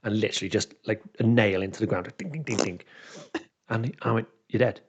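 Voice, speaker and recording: In a dull lo-fi recording, a husky, gravelly man with a lowish voice talks fast while casually chatting as a podcast co-host. As a dungeon master recounting a game story, he animatedly plays out his players' lines.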